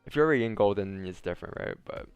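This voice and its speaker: Young male host from Canada, relaxed streaming chatter, smooth low-ish voice. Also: very fast, lo-fi sound, soft background music. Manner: relaxed, laid-back banter with frequent laughs. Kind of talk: casual livestream chat.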